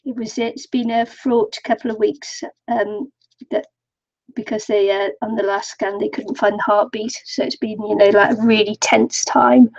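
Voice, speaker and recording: Older woman, high and slightly husky, slow chatty craft streamer who laughs a lot, dry lo-fi home sound. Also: little pitch movement, a little mellow, no echo. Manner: chatty, laughs often, talks to viewers. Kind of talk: casual live-stream chat while crafting. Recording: dull lo-fi home recording.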